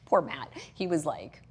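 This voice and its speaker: This middle-aged woman, a fitness and hormone health coach, is a guest in a casual podcast interview, animatedly reenacting how she once reacted. Her voice is deep, sing-song, and slightly rough, and she takes her time.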